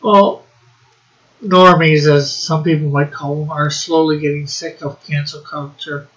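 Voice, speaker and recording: A man's voice: on the high side, fairly even intonation, a little slow, a bit bright, highs cut off. A man co-hosting a casual live stream, chatting and reading out viewer comments in a drawling way. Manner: reads out chat messages, drawling.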